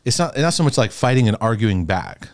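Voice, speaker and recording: A man talks in a low voice with a very animated pitch, reflecting openly and stumbling over his words now and then. It sounds like a candid podcast chat recorded dry and close. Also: brisk, no echo. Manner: reflective, hesitant, with frequent restarts. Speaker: podcast host. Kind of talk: candid conversational podcast talk.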